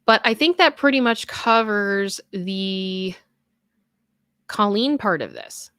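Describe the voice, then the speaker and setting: A woman's voice: mid-range voice, lively intonation, takes it slowly, pushed and bright, no room sound. A young adult woman hosting a casual live stream, reading viewer comments and chatting in a rambling way with many fillers and restarts.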